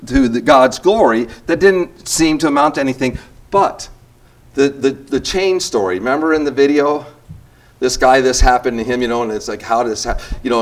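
An older man leading a church group session, talking in a casual, rambling way with restarts and self-deprecating asides. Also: fairly high pitch.

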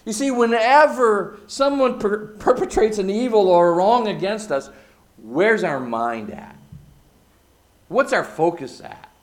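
A man preaching a sermon, using emphatic repetition and dropping from loud, stressed phrases to hushed asides. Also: high-pitched, expressive, unhurried. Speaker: pastor.

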